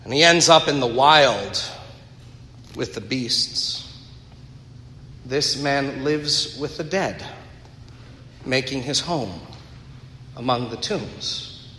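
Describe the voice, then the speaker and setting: A man's voice: medium pitch, lively intonation, slow pace, long pauses, sharp tone. A man preaching a sermon, retelling a story earnestly with conversational asides to the congregation. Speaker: pastor. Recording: echoey hall with long reverb.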